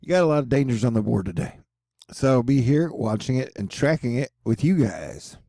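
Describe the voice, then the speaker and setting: A man's voice: medium pitch, animated, fairly quick, mellow, no room sound, studio quality. A man hosting a casual weather forecast over a map, rambling and joking with slang asides. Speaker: weather channel host.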